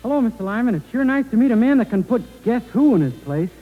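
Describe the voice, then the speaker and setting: A man's voice: very high voice, very animated, fast, soft background music. A young man doing naive, innocent comic lines in a 1940s radio comedy, on a tinny, hissy old broadcast. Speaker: comic singer.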